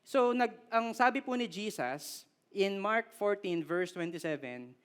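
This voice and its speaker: High-voiced Filipino pastor preaching. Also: male voice, animated, unhurried, a bit bright, clean tone. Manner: switches between English and Tagalog, acts out quoted lines with raised voice. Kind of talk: sermon.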